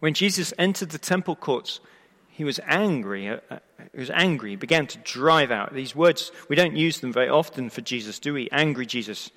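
A man preaching a sermon to a live congregation, emphatic and expressive, asking the listeners rhetorical questions and often restarting his sentences. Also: mid-range voice, brisk. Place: church or hall before a live congregation. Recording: long reverb of a large hall.

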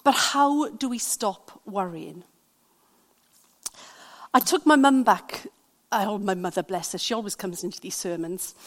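A woman with a Welsh accent preaching a sermon, telling stories in an animated, conversational way. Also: mid-range voice, a little slow, long pauses. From Wales. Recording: long hall reverb.

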